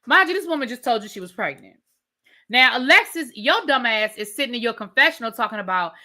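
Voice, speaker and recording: A woman's voice: on the high side, lively intonation, fairly quick, pushed and bright. A woman reviewing a reality show in a casual rant, sassy and blunt with profanity.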